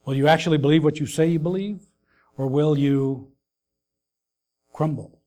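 A man preaching a sermon, earnest and grieving his mother, pausing with fillers and rising to emphatic calls. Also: a little high, warm tone. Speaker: pastor.

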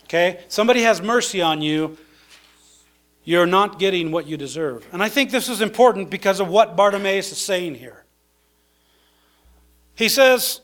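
A man's voice: sits high, animated, normal speed, long pauses, a bit bright. A man preaching a sermon in a conversational way, with many fillers and restarts.

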